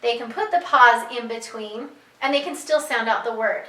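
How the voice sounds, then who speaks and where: A reading teacher patiently explains to parents how to guide their child, repeating her key points. Her voice is a little high and fairly bright at a moderate pace, but the poor audio is reverberant and she sounds far from the mic.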